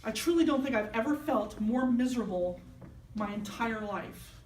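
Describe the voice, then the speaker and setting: A woman's voice: on the high side, expressive, moderate pace, a little mellow, a little hiss or hum. Woman preacher telling a story, echoey hall. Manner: personal storytelling, acting out quoted voices. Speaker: minister. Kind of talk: sermon. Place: church sanctuary. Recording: echoey hall, mic at a distance.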